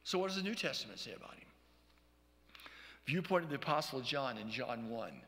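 A man preaching a sermon as pastor, teaching verse by verse, often checking in with "okay?" and reading scripture slowly. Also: mid-range voice, expressive, fairly bright tone, in a large hall. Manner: reads scripture aloud slowly.

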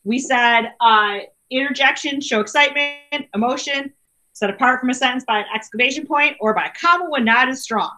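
A woman teacher runs a grammar lesson for her students over a video call. Her voice sits high and bright, and she talks in a chatty way, often checking in with an okay. She is heard through a computer mic. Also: brisk. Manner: chatty, repeats okay a lot. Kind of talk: online class lesson.

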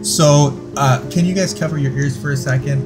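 A man's voice: fairly high pitch, fairly even intonation, moderate pace, music in the background. A man hosting a comedy game show, reading out answers and joking with the players. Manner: playful, reads results aloud with jokes.

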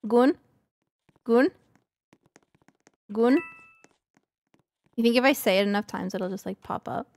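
Soft-spoken young woman streamer. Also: a little high, slow pace, vocal fry. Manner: soft-spoken, thanks donors. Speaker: streamer host. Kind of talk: casual gaming chat.

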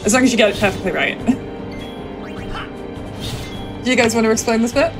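A woman's voice: a little high, very fast, low-quality recording. A woman who is sick, chatting through her live speedrun with a loose, laughing manner and lots of ums. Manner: chatty, laughs often, thinks aloud with many ums. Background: game music.

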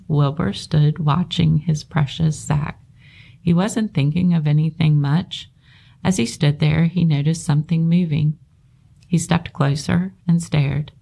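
Gravelly-voiced woman reading a storybook. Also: low voice, dark tone. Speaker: library staff reader.

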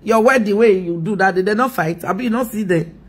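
A woman's voice: medium pitch, fast talker, slightly rough. A Nigerian woman ranting mockingly on a live video, scolding and laughing often.

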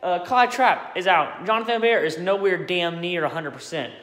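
A man with a fairly high voice gives an exasperated, blunt sports rant in a vlog. He talks in animated bursts full of fillers. The room is echoey, with a long, ringing reverb. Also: normal speed. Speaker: sports vlogger. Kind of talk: ranting sports commentary.

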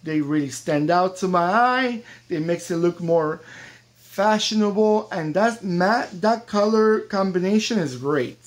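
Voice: mid-range voice, expressive, unhurried. An American toy collector reviewing a diecast model car in a casual vlog, chatty and enthusiastic, with the odd joke. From United States.

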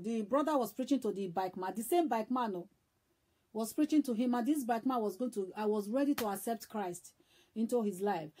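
A woman evangelist preaching a sermon, emphatic and repetitive, swinging between loud and hushed. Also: sits high.

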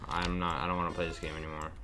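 Racing along in a level, low voice, a young man streams a horror game and nervously comments to his viewers. The background is noisy, with keyboard and mouse clicks underneath.

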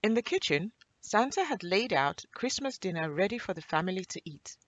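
A woman reading a children's story aloud in an expressive storybook manner. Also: mid-range voice, normal speed.

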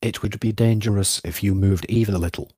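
Gentle, pleading nurse in an audiobook, soft and low, read by a man. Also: steady tone, fairly quick, breathy edge, no echo, studio quality. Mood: coaxing. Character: anxious female nurse and servant.

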